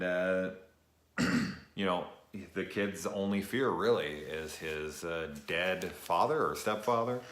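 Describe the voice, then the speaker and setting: A young man giving a rambling, casual late-night review, tired, swearing often and filling pauses with ums and uhs. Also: low voice, a bit bright. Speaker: show reviewer. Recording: echoey room.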